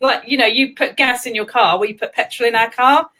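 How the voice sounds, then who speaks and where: An English woman hosting a casual live chat, chatty and quick to giggle. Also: a little high, bright, forceful tone, low-quality recording. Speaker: host.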